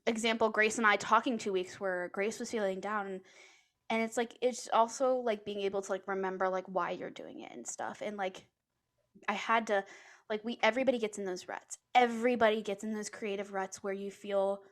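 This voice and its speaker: A woman's voice: medium pitch, fairly even intonation, a little fast. A woman co-hosting a book podcast, talking in a loose, rambling way full of fillers. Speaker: podcast co-host. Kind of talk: casual chat.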